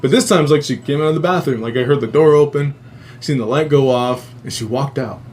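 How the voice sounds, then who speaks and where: A man hosting a live show, telling a dream story in a profane, rambling, animated way. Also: mid-range voice, brisk, a little hiss or hum. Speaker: host. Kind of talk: casual storytelling.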